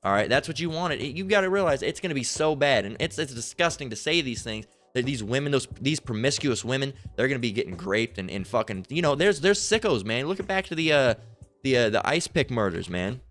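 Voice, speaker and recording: A man's voice: mid-range voice, very animated, brisk, fairly bright tone. A man preaching in an online sermon video in a rambling, profane way, full of repeated fillers and restarts.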